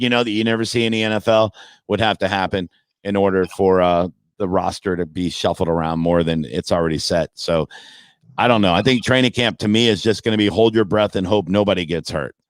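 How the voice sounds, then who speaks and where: Appearing as a podcast guest, this male comedian chats about sports with crude bravado, ridiculing the people who criticize him. He has a clear, resonant voice on the low side, recorded with no audible room.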